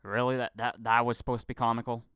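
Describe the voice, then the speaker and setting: Over loud background music, a young man with a level, mid-range voice talks quickly in a casual, profane rant about film acting. This vlogger stammers, repeats himself, curses a lot and acts out mocking impressions.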